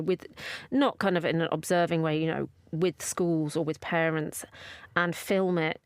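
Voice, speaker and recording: A woman's voice: on the low side, smooth, no room sound, studio quality. A woman art journalist talking in a thoughtful, enthusiastic way on a radio show. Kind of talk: radio studio conversation.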